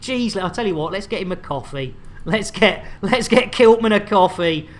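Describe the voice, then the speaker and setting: A woman's voice: mid-range voice, lively intonation, moderate pace. A woman hosting a game stream, joking and bantering with bawdy humour. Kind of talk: casual game-stream chat.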